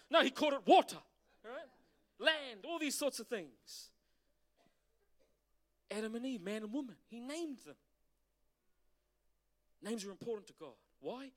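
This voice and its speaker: A man's voice: very high voice, unhurried, pauses often. A middle-aged man preaching a sermon as pastor, asking the congregation questions. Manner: animated preaching with rhetorical questions.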